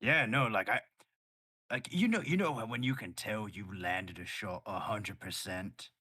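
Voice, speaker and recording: A man's voice: lowish voice, measured pace, pushed and bright, slightly rough, dry recording, studio quality. A man playing a tabletop game in casual chat, who stammers and swears. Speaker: player.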